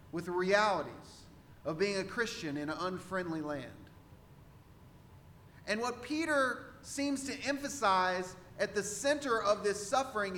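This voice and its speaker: High-voiced Texan pastor preaching. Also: male voice, bright, forceful tone, in a large hall, a little hiss or hum. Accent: Central Texas. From Central Texas. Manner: conversational preaching, repeats rhetorical questions. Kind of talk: sermon. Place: church sanctuary.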